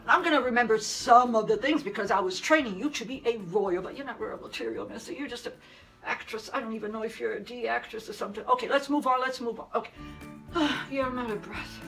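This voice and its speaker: A woman's voice: fairly high pitch, vocal fry, fairly bright tone, poor audio. A woman vlogger giving a casual, sarcastic commentary monologue, mocking the person she talks about and speaking straight to her. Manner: sarcastic, mocking, addressing the subject directly; repetitive, keeps saying "fast forward" and "move on".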